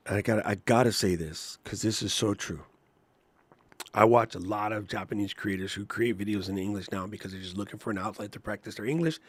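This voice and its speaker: A man co-hosting a live podcast, talking in an animated, joking way and laughing often. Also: lowish voice, husky, no echo. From Washington, D.C. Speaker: podcast co-host; teacher.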